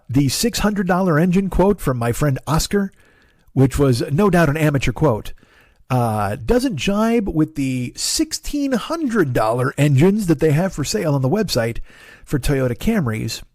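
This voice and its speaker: A middle-aged man telling a long comic story, rambling and profane and quick to put himself down. His voice sits mid-range with a mellow, dark tone. It is recorded close on a studio mic with a very dry sound. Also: on the high side, no room sound. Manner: rambling, profane, self-deprecating. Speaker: comedian podcast host.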